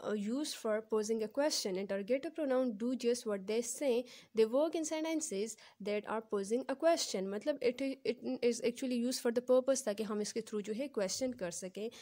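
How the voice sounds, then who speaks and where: A woman's voice: on the high side, mellow. Woman teaching grammar in mixed Hindi-English. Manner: mixes Hindi and English, repeats example sentences slowly. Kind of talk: explaining grammar in a lesson.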